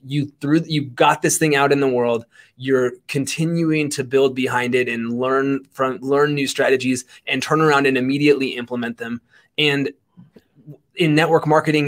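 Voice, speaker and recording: A man's voice: mid-range voice, a bit bright. A man co-hosting a podcast, enthusiastic, asking long rambling questions. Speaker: podcast co-host. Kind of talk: casual podcast chat.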